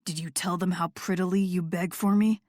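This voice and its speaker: A commanding, seductive male rock star from an audiobook, voiced by a woman, speaks in a low murmur. He sounds dominant and unhurried. The recording is dry and close. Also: fairly even intonation, darkish tone, no echo, lightly acted. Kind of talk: audiobook character voice.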